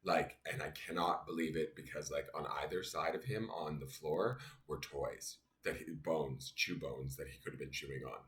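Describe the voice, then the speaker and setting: A man's voice: rumbling low, normal speed, hardly any pauses, a bit bright. A man giving a casual daily tarot reading, angry and venting as he explains the cards. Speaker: tarot reader. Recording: echoey room, faint noise.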